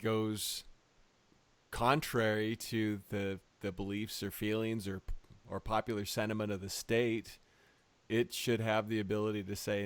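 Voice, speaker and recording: A man speaking as a guest on a political podcast, measured and a little hesitant. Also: on the low side, little pitch movement, no room sound.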